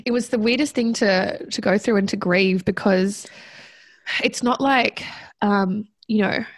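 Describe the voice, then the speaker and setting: A woman guest recounting a personal story in conversation, reflective and halting, with many fillers and restarts. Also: mid-range voice, no echo.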